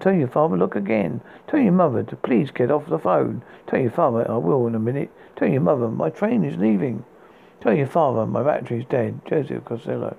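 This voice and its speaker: A man's voice: fairly high pitch, expressive, fairly quick, creaky, slightly rough. A man hosting a podcast, reading poems aloud and often stumbling and restarting words. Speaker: podcast host. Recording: tinny phone-like sound with faint hiss.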